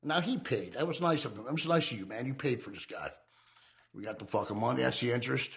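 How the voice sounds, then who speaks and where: Streetwise ex-con guy, gravelly voice, cussing a lot while telling his story. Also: medium pitch, fast talker. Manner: profane, streetwise, acts out quoted voices. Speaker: former criminal telling his life story. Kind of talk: candid crime storytelling.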